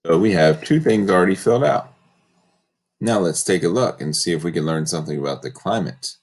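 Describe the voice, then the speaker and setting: A man's voice: deep voice, animated, a little fast, a little mellow, slightly rough. A man teaching a third grade class in a recorded lesson, giving patient step-by-step instructions and reading from a textbook.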